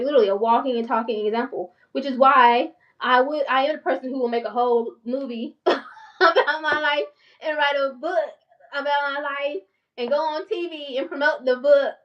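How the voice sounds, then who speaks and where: A woman in her forties with a thick country North Carolina accent chats with her viewers at a quick, excitable pace, her tone passionate and raised in pitch. She sits a little back from the microphone. The recording sounds muffled and slightly distant. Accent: Southern US, North Carolina country. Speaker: channel host and therapist. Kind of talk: casual vlog talk to viewers.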